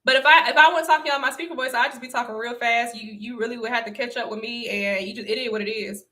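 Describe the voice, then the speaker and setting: This young adult woman from the Southern United States has a fairly high, bright, forceful voice with fairly even intonation, and she talks fast. Hosting a casual livestream, she repeats herself for emphasis and laughs a lot with viewers.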